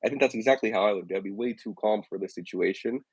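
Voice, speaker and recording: A man co-hosting a casual chat, giving measured, thoughtful opinions. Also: lowish voice, husky, no echo, muffled recording. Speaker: podcast co-host.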